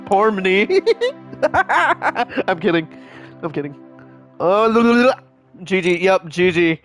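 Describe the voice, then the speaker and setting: A male streamer with a high, light voice who talks over his game in a rambling, excitable rush. He stumbles and restarts often and keeps scolding his chat as he goes. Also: moderate pace, soft background music. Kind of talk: live gaming stream chat.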